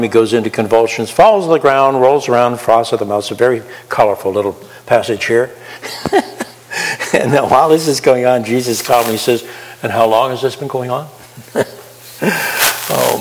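A man's voice: mid-range voice, normal speed, long reverb tail, poor audio. A man preaching a sermon, asking his listeners questions as he explains a Bible passage. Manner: animated, asks the audience questions.

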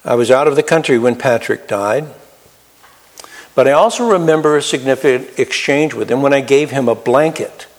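A man preaching a sermon in an earnest storytelling manner, slowing down to stress key words. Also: mid-range voice. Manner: earnest, storytelling, slows for emphasis.

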